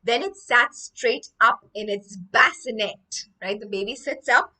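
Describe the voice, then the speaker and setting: A woman from India teaches English words while she tells a story, and she repeats each new word so that students can say it after her. Her voice is bright and a little high. The mic picks her up from some distance. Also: normal speed. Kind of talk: online vocabulary lesson with storytelling.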